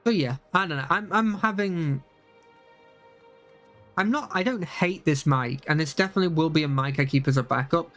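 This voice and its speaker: A man's voice: on the high side, moderate pace, a bit bright, soft background music. A young man chatting casually on a live stream, rambling with many fillers and restarts.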